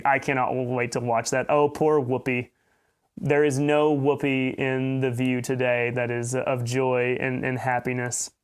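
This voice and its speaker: A man hosting a podcast, reading news pieces aloud and breaking off into sarcastic, mocking asides, often halting and repeating himself. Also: medium pitch. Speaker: podcast host.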